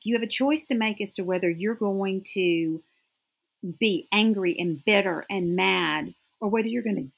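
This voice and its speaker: A woman's voice: mid-range voice, vocal fry, breathy edge. A middle-aged woman, a guest in a faith-based interview, speaking earnestly and from the heart.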